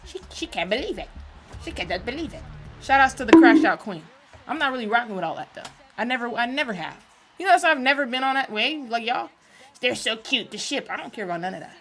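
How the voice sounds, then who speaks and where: A woman hosting a sports reaction stream, talking casually in slang and swinging between loud outbursts and low mutters. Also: expressive, fast talker, soft background music. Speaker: sports reaction channel host. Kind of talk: casual live reaction commentary.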